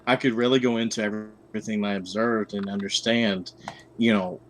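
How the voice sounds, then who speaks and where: A man's voice: on the low side, fairly even intonation, normal speed. A man talks casually over a faint background hiss. He stumbles over his words and repeats himself, with frequent laughs. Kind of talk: casual chat.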